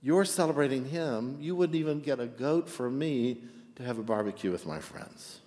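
A man's voice: mid-range voice, normal speed, warm tone, long reverb tail, natural voice. A man preaching voices a dutiful older brother who stammers and complains, in a sermon retelling. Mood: aggrieved. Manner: flustered, complaining, stammering restarts. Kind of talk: sermon storytelling.

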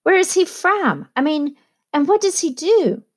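A woman's voice: extremely high pitch, very animated, unhurried, voice pushed up, heavily acted. A woman reader voicing a young man who speaks eagerly and asks questions in an audiobook. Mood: curious. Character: young man, curious newcomer at a party.

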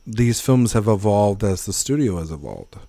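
A man co-hosting a casual film podcast, talking in animated, rambling tangents and swearing freely. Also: on the low side, moderate pace, no room sound. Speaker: podcast co-host. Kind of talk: casual film-discussion chat.

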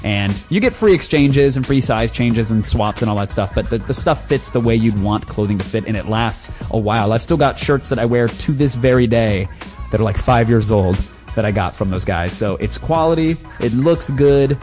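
A man's voice: mid-range voice, expressive, moderate pace, darkish tone, soft background music. A man hosting a podcast, reading an ad and then chatting loosely with a guest, joking and swearing freely. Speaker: podcast host. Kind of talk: casual chat and ad read.

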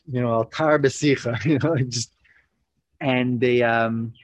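A man's voice: mid-range voice, a little slow, dry recording, rough recording. Young man telling a story. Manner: animated, full of 'you know, like' fillers, acts out quotes. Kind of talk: casual personal storytelling.

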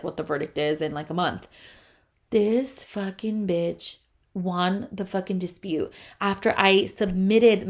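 A young adult woman, a photographer, telling a heated, profane storytime rant full of fillers. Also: medium pitch.

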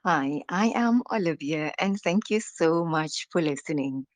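Slow lady doing a reflective faith talk, lets her sentences fade to a whisper. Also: low voice, animated. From South Africa. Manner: drawn-out words, trailing off to soft whispery endings. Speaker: devotional podcast host.

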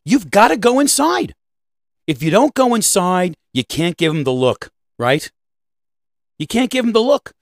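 Animated man ranting on a podcast. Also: high voice, moderate pace, dry recording, clean studio sound. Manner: animated, keeps asking "right?"; swears casually. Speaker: podcast host. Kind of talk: casual podcast monologue.

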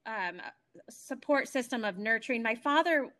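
A woman in her forties, a guest on a talk show, telling an emotional personal story at home in an animated way, full of restarts. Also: on the high side, normal speed.

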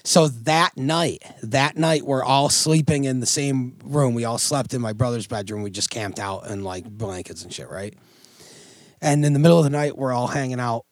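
Fast-rambling profane young man, dry sound. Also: mid-range voice, no room sound. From Oswego, New York. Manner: rambling, profane, animated storyteller. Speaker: podcast co-host. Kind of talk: casual storytelling chat.

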